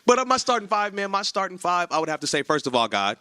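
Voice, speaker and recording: A man's voice: high-pitched, very animated, fast, pushed and bright, clean tone, dry recording. A young man in casual conversation, rambling and laughing as he tells stories. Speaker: podcast co-host. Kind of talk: casual chat.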